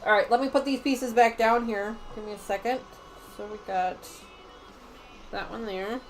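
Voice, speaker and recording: A middle-aged woman hosting a home quilting livestream, chatting casually and rambling, often trailing off into quiet muttering as she works. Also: fairly high pitch, steady tone, moderate pace, soft background music, rough recording. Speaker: sewing livestream host. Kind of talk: casual chat while quilting.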